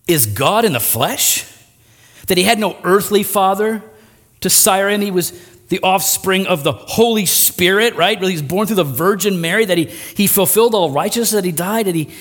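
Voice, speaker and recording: A man preaching a sermon, animated and self-deprecating, acting out quick voices mid-sentence. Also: high voice, in a large hall. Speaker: pastor.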